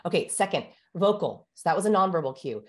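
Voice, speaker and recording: A woman's voice: on the low side, expressive, quick pace. A woman who researches communication, guesting on an interview show and explaining with energy, like a teacher giving demonstrations.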